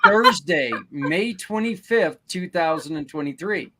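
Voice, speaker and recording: A man co-hosting a casual live podcast over a video call, talking in friendly, halting bursts with lots of stumbling restarts. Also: high voice, huge pitch swings, bright, forceful tone. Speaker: podcast co-host.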